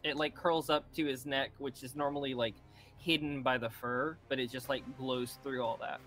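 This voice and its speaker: A man's voice: medium pitch, steady tone, normal speed, fairly bright tone, soft background music. A man playing a tabletop game, offhand and joking as he talks about his character. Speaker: player. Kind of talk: casual play at a tabletop game.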